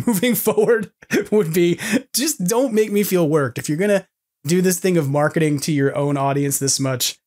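A man's voice: fairly high pitch, a little mellow. A man hosting a casual podcast chat, rambling and self-deprecating, often laughing between thoughts. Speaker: podcast host.

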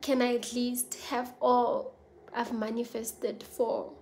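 A woman's voice: a little high, level tone, slow pace, a little mellow, slight background noise. Earnest South African woman vlogger. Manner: earnest, confiding, mixes languages. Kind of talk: personal venting vlog.

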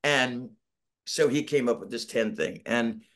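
A man's voice: medium pitch, measured pace, a bit bright. A middle-aged man telling a long story over a video call from home. He rambles, restarts and plays out quotes from other people as he goes. His tone is casual and self-deprecating. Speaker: band member, interview guest. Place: home, Northern California.

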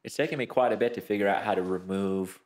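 A man keeps up relaxed banter beside his wife as she paints in her home studio. His voice sits very low and unhurried. He joins in with light teasing and asides. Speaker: co-host and video editor. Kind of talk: casual chat.

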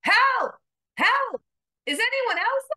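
A woman voicing a panicked man clinging to a cliff, shouting and pleading. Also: very high voice, big pitch swings, slow, voice pushed up, heavily acted.

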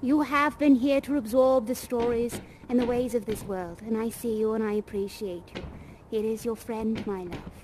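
A woman's voice: a little high, steady tone, moderate pace, noisy background, lightly acted. A woman playing a doting, eccentric female leader of a sweepers' union in a virtual reality game, leading a theatrical, solemn oath with pet names for everyone. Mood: exuberant. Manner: solemn, ceremonial oath-giving.

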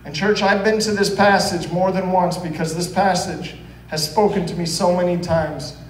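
High-voiced pastor preaching in an echoey church. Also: male voice, steady tone, moderate pace, far from the mic. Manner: earnest storytelling, acts out quoted voices. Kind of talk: sermon. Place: church hall.

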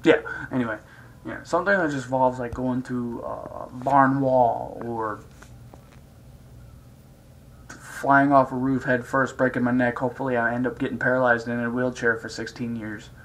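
A man's voice: medium pitch, fairly even intonation, moderate pace, a bit bright, rough recording. Hyper guy rambling on his vlog, crude jokes, swears a lot, slight background hiss. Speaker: vlogger. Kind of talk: casual rambling vlog chat.

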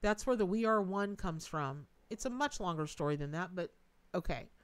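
This middle-aged woman runs a live tarot reading, animated and emotive, thanking viewers and donors and peppering her talk with "y'all" and "Lordy." Her voice sits on the low side, at normal speed, clean and free of room sound.

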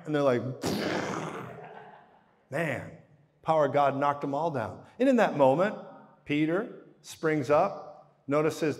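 Animated preacher man in an echoing hall. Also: measured pace, long pauses. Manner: animated storytelling, swings from hushed to booming. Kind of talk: live sermon. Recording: reverberant hall.

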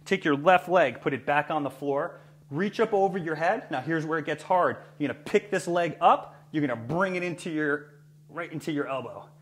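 Upbeat male fitness trainer, slightly high voice, a bit breathless while demonstrating moves; echoey room, faint hum. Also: moderate pace. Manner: energetic coaching, talks while exercising. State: breathing heavily. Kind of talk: exercise demonstration.

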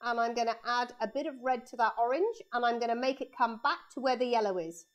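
A woman's voice: fairly high pitch, fast talker, muffled recording. A woman art teacher giving a live painting lesson for children in her studio, chatting and explaining each step as she draws, speaking into a lapel mic.

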